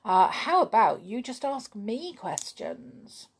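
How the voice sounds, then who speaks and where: A woman's voice: on the high side, big pitch swings, slow pace, breathy edge. A woman reading a children's story and chatting playfully with young listeners.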